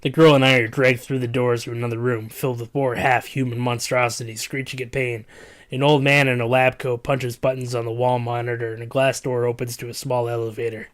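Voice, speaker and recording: A man's voice: medium pitch, little pitch movement, fairly quick. A man reading a comedic story aloud in a dramatic, stumbling way. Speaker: reader.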